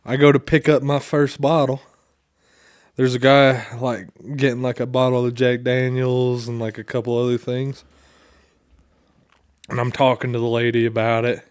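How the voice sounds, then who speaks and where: A man's voice: medium pitch, flat delivery, moderate pace, long pauses, clean tone, no room sound, clean studio sound. A man co-hosting a podcast, chatting casually and telling rambling stories, swearing freely. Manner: loose, profanity-heavy, rambling. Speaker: podcast co-host. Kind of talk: casual chat and storytelling.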